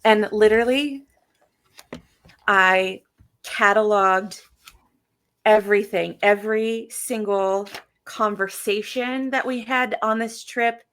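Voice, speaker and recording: A woman in her thirties from Michigan, co-hosting a casual podcast and telling stories at an unhurried pace. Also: mid-range voice, fairly even intonation, fairly bright tone. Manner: unhurried storyteller, reads old notes aloud. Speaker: podcast co-host. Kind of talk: casual chat.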